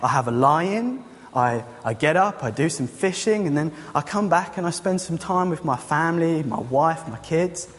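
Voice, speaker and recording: A relaxed island fisherman, as a preacher acts him out speaks in a put-on vague foreign accent, easy and unhurried. The voice is pitched up, and a church hall's long reverb hangs behind it. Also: lightly acted. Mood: easygoing. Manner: unhurried, easygoing. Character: laid-back male island fisherman.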